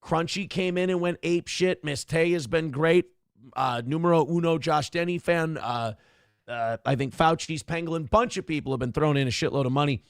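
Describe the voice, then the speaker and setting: A man's voice: fairly high pitch, normal speed, gravelly, dry recording, clean studio sound. A man hosting a livestream who rambles, swears freely and reads viewer messages aloud. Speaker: livestream show host. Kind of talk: casual livestream chat.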